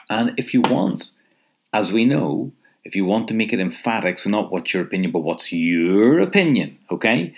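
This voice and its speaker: Speaking at a fairly low pitch, a man leads a recorded language lesson, going over phrases patiently and waiting for responses, with an occasional soft chuckle.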